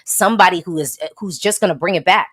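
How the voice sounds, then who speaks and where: Sassy chatty woman blogger, lowish voice. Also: fast talker, slightly rough. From United States. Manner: chatty, sassy, frequent laughs and emphatic repeats. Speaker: Eurovision blogger, host. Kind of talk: casual livestream chat reading viewer comments.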